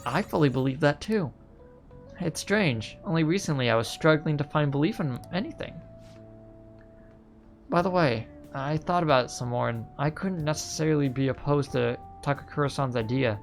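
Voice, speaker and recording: A man reading game lines aloud as a gentle, earnest young heiress, with a slipping English accent and a soft, polite, sincere delivery. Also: a little high, moderate pace, soft background music, natural voice.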